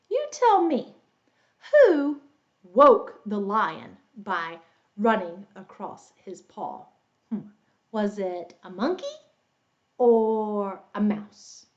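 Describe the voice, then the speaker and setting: A woman English teacher reading a children's story aloud, explaining words and quizzing her young listeners. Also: dull audio. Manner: animated, adds roars and squeaks for the animals.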